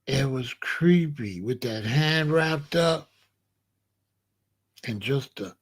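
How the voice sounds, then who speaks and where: A man's voice: medium pitch, expressive, slow pace, husky. A man hosting a live reaction stream, talking casually to his chat, repeating himself and tossing questions to the audience. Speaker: commentary channel host.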